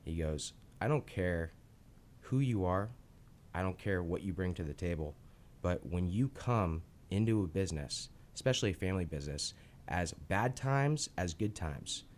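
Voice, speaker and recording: A man's voice: deep voice, normal speed, a little hiss or hum. A man in his thirties telling family business stories in a casual interview, acting out quoted lines. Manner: animated storyteller, acts out quotes. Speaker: co-host and business founder.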